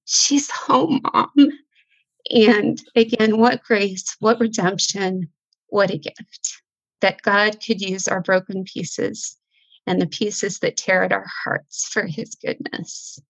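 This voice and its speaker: A woman's voice: mid-range voice, fairly even intonation, slow pace, gravelly, dry recording, low-quality recording. A middle-aged woman telling a heartfelt faith story as a guest, breaking into laughter. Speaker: guest author. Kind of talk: emotional faith conversation.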